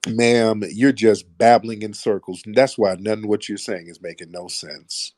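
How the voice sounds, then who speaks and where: A man's voice: on the low side, fairly even intonation, moderate pace, a little mellow, dry recording, clean studio sound. A man hosting a call-in debate, combative and interrupting, pressing the caller with repeated questions. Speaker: host of an audio chat room.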